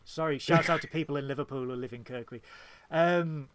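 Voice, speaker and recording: A playful northern English man who co-hosts a fan podcast and keeps breaking into giggles. His voice sits a little high for a man. The recording is close and dry, with no room sound. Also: brisk, clean tone, no room sound. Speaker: podcast co-host reading fan questions. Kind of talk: casual chat.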